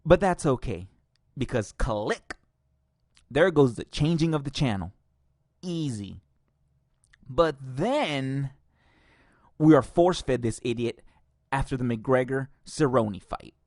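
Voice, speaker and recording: A man's voice: medium pitch, animated, takes it slowly, long pauses, a little mellow, no room sound, studio quality. A man hosting a podcast, ranting angrily and profanely with sarcastic laughs. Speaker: podcast host.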